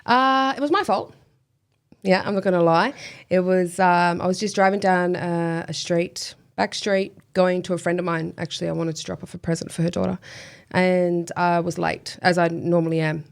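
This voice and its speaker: A woman recounts a personal story as an interview guest, chatty and full of fillers. Her voice sits somewhat low with a steady creaky fry. She laughs at herself as she goes. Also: moderate pace. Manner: chatty, many fillers, self-deprecating laughs.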